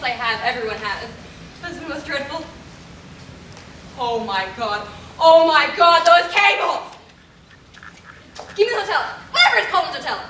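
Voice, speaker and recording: A woman's voice: high voice, bright, forceful tone, exaggerated voice. A woman acting in a community stage play, playing a vain, glamorous stage actress who is melodramatic and imperious. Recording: echoey hall from far off, noise.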